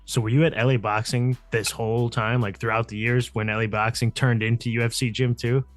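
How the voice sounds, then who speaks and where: A man's voice: medium pitch, little pitch movement, a little fast, dry recording. A young man hosting a podcast, asking questions and sharing his own start in a laid-back, slangy way. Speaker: podcast host. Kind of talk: casual interview chat.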